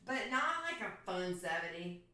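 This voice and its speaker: A woman's voice: lowish voice, big pitch swings, moderate pace, bright, forceful tone, a little hiss or hum. A woman chatting casually and swearing with her viewers while she paints in her home studio during a livestream. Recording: echoey room from far off.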